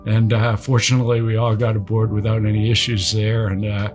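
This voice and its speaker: An older man, a retired naval aviator, recounting a combat mission in a relaxed storytelling way with many fillers. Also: on the low side, a little fast, soft background music.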